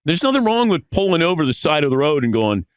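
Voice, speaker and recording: A man in his sixties, a sports broadcaster appearing as a podcast guest, tells stories casually and acts out the people he quotes, often poking fun at himself. His voice is a little high and resonant, with big pitch swings and fast, clear speech. The studio recording is clean with no echo.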